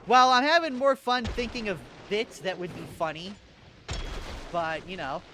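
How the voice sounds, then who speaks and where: A man's voice: high-pitched, expressive, moderate pace, noisy background. A young man streaming a game, chatting casually with his chat, joking and swearing and laughing at his own bits. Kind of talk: casual gaming livestream chat.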